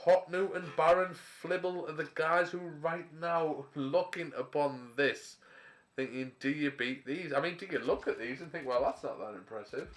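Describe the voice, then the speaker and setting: A man casting a live video game match, switching between rambling casual chat and quick play-by-play calls. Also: fairly high pitch. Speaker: esports caster.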